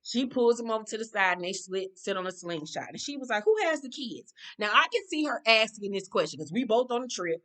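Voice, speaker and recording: A woman's voice: mid-range voice, animated, fast talker, few pauses, a bit bright. A woman giving a blunt, profane, casual recap of a reality TV episode, talking like an exasperated friend. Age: adult.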